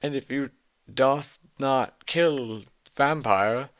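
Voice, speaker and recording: A man voicing a cruel male dark lord who shouts stilted, mock-old-fashioned threats in a storybook reading. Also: medium pitch, drawn-out words, clear, resonant tone. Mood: menacing.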